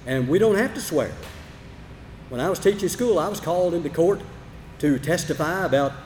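An older man preaching a sermon, emphatic and storytelling, with big swings between loud and soft. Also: fairly high pitch, slight background noise. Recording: reverberant hall, faint room ambience.

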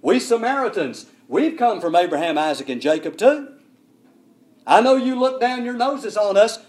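A man's voice: high-pitched, very animated, moderate pace, a little mellow, pitched above the performer's own voice. A preacher voicing an indignant, scornful Samaritan woman. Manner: scornful, challenging. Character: indignant sharp-tongued Samaritan woman at a well.

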